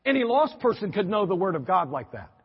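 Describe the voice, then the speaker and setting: A man preaching a sermon in a church, animated and lively, acting out quoted reactions with sudden exclamations. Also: high-pitched, a little fast, husky, big-room sound, highs cut off.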